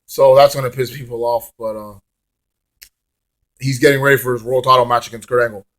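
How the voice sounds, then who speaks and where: Man, casual wrestling review, rambling, swears freely, mid-pitched voice. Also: fairly even intonation, a little fast, fairly bright tone. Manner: rambling, swearing, humming bits of songs.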